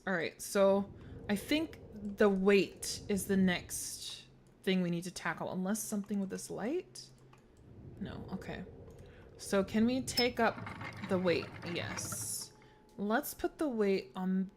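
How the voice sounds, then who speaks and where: A woman's voice: medium pitch, measured pace, a little mellow, slight background noise. A woman streamer giving let's play commentary, thinking aloud through puzzles, swearing freely and joking around. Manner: playful, jokes between puzzles.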